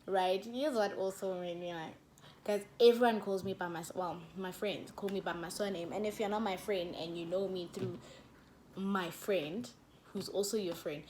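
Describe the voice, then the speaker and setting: A woman's voice: medium pitch, slight background noise. Chatty South African young woman. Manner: chatty and animated, with laughs and code-switching. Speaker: YouTuber. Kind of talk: casual storytime vlog.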